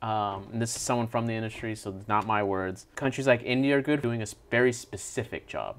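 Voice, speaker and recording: A man co-hosting a casual movie review, blunt and animated, swearing freely. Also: fairly low pitch, a little fast. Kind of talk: casual chat.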